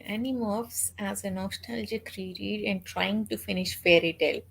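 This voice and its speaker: A woman chatting on a reading stream, easygoing and teasing, with some hesitant pauses. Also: mid-range voice, fairly even intonation, vocal fry, husky. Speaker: guest reader on the stream. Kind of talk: casual chat.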